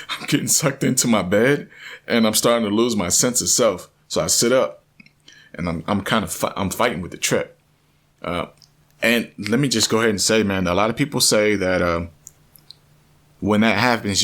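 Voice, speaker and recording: A man vlogging a personal story, earnest and animated, often restarting and repeating himself. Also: on the low side, moderate pace.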